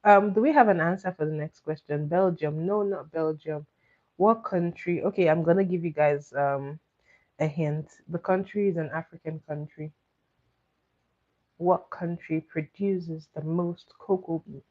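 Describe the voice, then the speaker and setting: A woman's voice: low voice, measured pace. A woman hosting a casual trivia game on a live stream, coaxing her viewers and repeating each question. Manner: coaxing, reads questions out to chat and repeats them. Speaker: livestream host running trivia. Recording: dull lo-fi stream audio.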